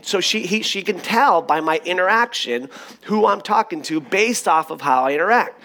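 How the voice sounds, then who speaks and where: A middle-aged man preaching a sermon as pastor, in a conversational, animated storytelling manner. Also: sits high, moderate pace.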